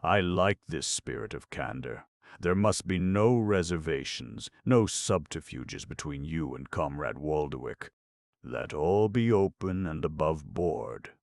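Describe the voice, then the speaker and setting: A man voicing a suave, unflappable young gentleman who talks in a florid, mock-formal way. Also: very deep voice, expressive, unhurried, no room sound, studio quality, full character voice. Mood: genial.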